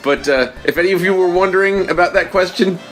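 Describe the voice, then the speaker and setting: A man's voice: high-pitched, fast talker, soft background music. A man co-hosting a video game let's play, telling rambling stories in casual chat and laughing often. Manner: rambling, animated storyteller who laughs often.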